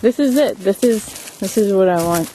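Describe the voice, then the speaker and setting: A woman's voice: mid-range voice, moderate pace, warm tone, slight background noise. A woman vlogging casually while walking outdoors in the woods, musing aloud with lots of fillers.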